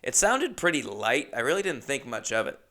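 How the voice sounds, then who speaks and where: A man hosting a podcast, telling a comedic story in a rambling, animated way and acting out the quotes. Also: medium pitch, fairly quick. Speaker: podcast host.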